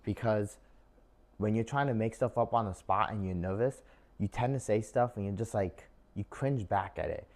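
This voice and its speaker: At a moderate pace, a young man with a fairly low, darkish-toned voice offers casual job interview advice to his viewers on camera. His delivery is chatty, peppered with "um" and "like," and he calls everyone "guys."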